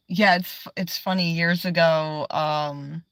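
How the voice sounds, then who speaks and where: Slow-talking woman chatting from her car. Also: sits low, fairly even intonation, fairly bright tone, dry recording, clean studio sound. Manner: chatty, swears often, laughs a lot, rambling. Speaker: livestreamer. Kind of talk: casual livestream chat.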